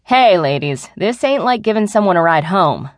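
A woman's voice: mid-range voice, expressive, normal speed, no echo, studio quality, natural voice. A woman doing a slangy, swaggering office guy. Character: laid-back swaggering young man coworker.

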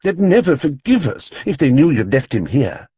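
A man doing a kind middle-aged mother in a storybook, eager and pleading but firm when it matters. The voice sits well above his own, husky and very lively. The recording is dull and dry. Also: fairly high pitch, moderate pace, no echo, pitched above the performer's own voice, exaggerated voice. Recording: dull, dry studio audiobook read.

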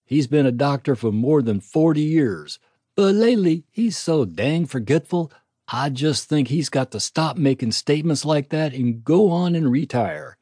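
Brief: a blunt, folksy old frontier nurse with a raised, husky voice, voiced by a male narrator. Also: on the high side, animated, a little slow, dark tone, no echo, studio quality, voice pushed up. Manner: folksy, plain-spoken. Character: elderly woman frontier nurse, kind, blunt.

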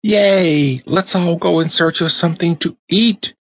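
A man voicing an excited chorus of toy dolls in a high, squealing group cheer. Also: normal speed, breathy edge, no echo.

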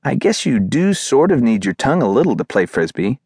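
A man voicing a calm, patient male dog who leads his friends with coaxing questions. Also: mid-range voice, fairly quick, slightly rough, no echo, clean studio sound.

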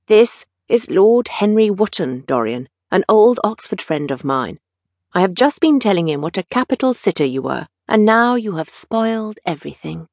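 A woman's voice: mid-range voice, sing-song, moderate pace, darkish tone, dry recording, studio quality. A woman voicing an anxious male painter. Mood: earnest fretful.

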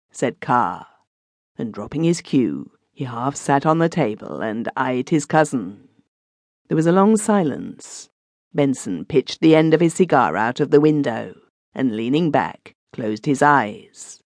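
A man narrating a classic short story in a measured, expressive reading. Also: mid-range voice, no echo. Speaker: audiobook narrator. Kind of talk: scripted narration.

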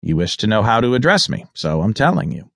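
A man's voice: on the low side, sing-song, brisk, dry recording, clean studio sound. An actor narrating an audiobook and voicing a smug middle-aged male governor with a prim, clipped, self-important manner. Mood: haughty.

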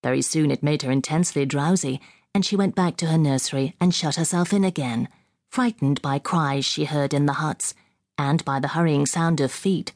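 Woman audiobook narrator, low voice, measured storytelling, dry close studio sound. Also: a little mellow, no echo. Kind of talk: scripted narration of a classic novel. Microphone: close studio mic.

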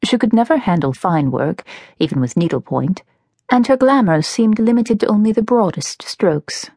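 A woman reading her novel aloud as an audiobook narrator, telling the story in an expressive, measured way. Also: medium pitch, breathy edge, no room sound, clean studio sound. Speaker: author and narrator.

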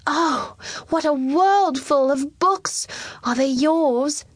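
A woman's voice: a little high, a little slow, dry recording, lightly acted. A woman doing an eager little boy king. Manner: excited, bookish.

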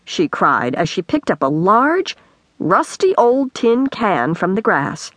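A woman narrating an audiobook in an animated storytelling manner, recorded in a studio. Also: medium pitch, a little slow, dry recording. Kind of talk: scripted narration.

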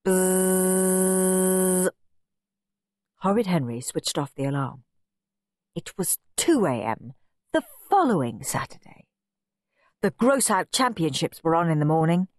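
A woman reading a children's storybook aloud, expressive and playful. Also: sits low, normal speed, no echo, clean studio sound. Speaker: audiobook narrator. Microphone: close studio mic.

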